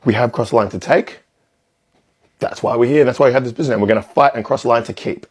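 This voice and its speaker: A man's voice: mid-range voice, quick pace, slightly rough. A man giving indignant, emphatic commentary in a reaction video.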